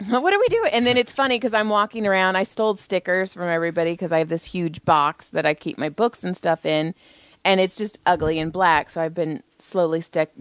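A woman co-hosting a casual chat, animated and swearing freely as she acts out what people said. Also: fairly low pitch, clear, resonant tone, no room sound. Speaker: podcast co-host.

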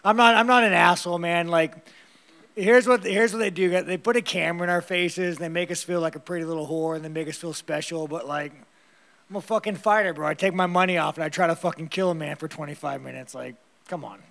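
Gravelly, blunt swearing fighter. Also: male voice, on the high side, fairly even intonation, fast talker, fairly bright tone. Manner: blunt, rambling, heavy swearing. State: tired. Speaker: fighter at a press conference. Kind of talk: profane post-fight press answers.

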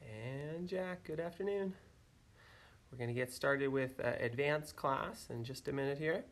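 A man teaching an online martial arts class, counting reps and giving instructions with bursts of shouted yells. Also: mid-range voice, unhurried, recorded from a distance. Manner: energetic, calls counts and shouts kiai yells. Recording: echoey room, voice away from the mic.

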